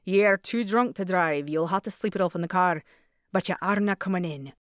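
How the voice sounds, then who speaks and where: A woman voices a Scottish Highlander man for an audiobook, gruff yet tender, with a lilting burr and a teasing, dry humor. The voice sits low and is recorded close and dry. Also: a little fast, no echo, lightly acted. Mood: firm.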